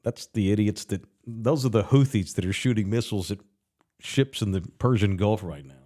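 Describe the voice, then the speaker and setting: A man's voice: fairly low pitch, normal speed. A man co-hosting a sports podcast, talking in a jokey, casual way. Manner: animated, jokey, swings loud and soft. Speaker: podcast co-host.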